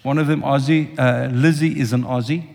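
A man's voice: medium pitch, fairly even intonation, moderate pace, creaky, darkish tone. An older man preaching a sermon with passion, speaking directly to his congregation. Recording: long reverb of a large hall.

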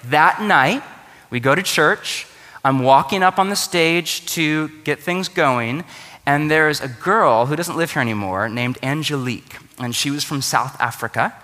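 A man's voice: a little high, a little slow, pushed and bright, long reverb tail. A man preaching a sermon to his church, conversational and joking in his asides. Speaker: pastor.

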